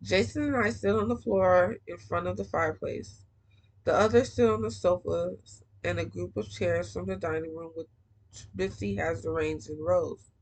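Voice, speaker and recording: A woman's voice: on the low side, fairly even intonation, moderate pace, low-quality recording. A woman reading a young-adult novel aloud, breaking off for casual, slangy comments. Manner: casual slangy asides between passages. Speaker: book reader.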